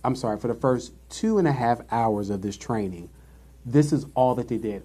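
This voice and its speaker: Animated, sassy man telling stories. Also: mid-range voice, normal speed, slightly rough. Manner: animated storyteller, sassy asides. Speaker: podcast co-host. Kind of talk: casual chat.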